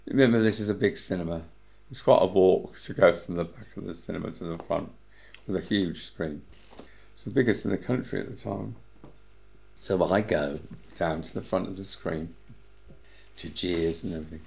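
A man's voice: deep voice, moderate pace, vocal fry, long pauses. An older Englishman telling chatty stories in a casual interview, his words slurred from medication. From England. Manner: lively, chatty storyteller. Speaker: interviewee, former cinema manager. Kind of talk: casual anecdotal storytelling.

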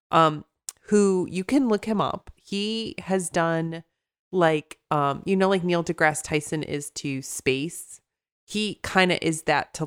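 Woman, Chicago accent, lower voice, rambling podcast chat, fillers and restarts. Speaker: podcast co-host. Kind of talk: casual chat.

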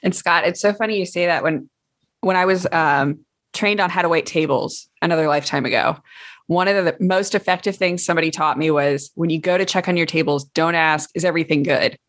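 Lower-voiced woman co-host. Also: brisk, a bit bright. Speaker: podcast co-host. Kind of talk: casual conversation.

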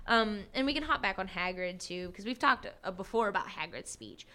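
Animated young woman with a lively voice. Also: mid-range voice, fairly quick. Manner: animated, many fillers and restarts. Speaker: podcast co-host. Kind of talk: casual book discussion.

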